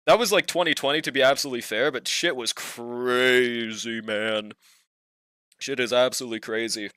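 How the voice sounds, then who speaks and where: A man's voice: medium pitch, steady tone, normal speed, pushed and bright, clear, resonant tone, no room sound, clean studio sound. A young man streaming a game, chatting casually with viewers, slangy and laid-back, swearing and laughing often. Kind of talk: casual livestream chat while gaming.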